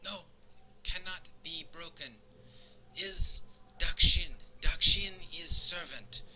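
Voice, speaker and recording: A man's voice: fairly high pitch, takes it slowly, crowd noise, voice pushed up, rough recording. A man voicing a frightened, tearful male creature servant who pleads in broken speech. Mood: tearful pleading. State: crying.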